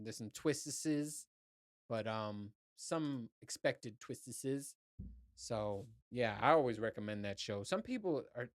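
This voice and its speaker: A man's voice: medium pitch, fairly bright tone, no echo, clean studio sound. A man hosting his own podcast, talking in a loose, rambling and profane way. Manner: rambling, profane, laid-back. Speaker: podcast host. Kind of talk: casual solo podcast monologue.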